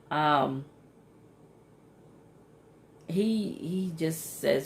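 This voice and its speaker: Low gravelly woman recapping a reality show. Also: extremely slow, long pauses, slight background noise. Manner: animated, exclaims in disbelief, frequent ums. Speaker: TV recap vlogger.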